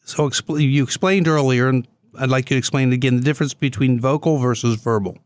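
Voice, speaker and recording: A man's voice: medium pitch, fairly quick, clean tone, dry recording. A man hosting a business talk radio show from a studio, easygoing and conversational with frequent filler sounds. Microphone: studio microphone.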